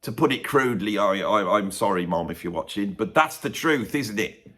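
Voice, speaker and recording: A man's voice: lowish voice, lively intonation, moderate pace, fairly bright tone. A man rambles to camera in a chatty, digressive solo monologue, often tagging questions onto his sentences. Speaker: YouTuber.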